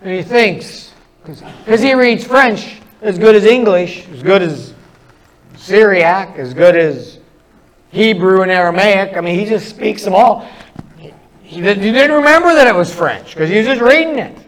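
A middle-aged man preaching a sermon, telling stories earnestly and pausing between phrases. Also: high-pitched, animated, rough recording. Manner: earnest storytelling with pauses.

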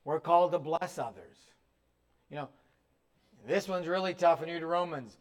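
A man with a notably high voice delivers a sermon as a pastor. He speaks in an emphatic, exhorting way, pressing his points straight at his listeners. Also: normal speed. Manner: emphatic, direct exhortation to the congregation.

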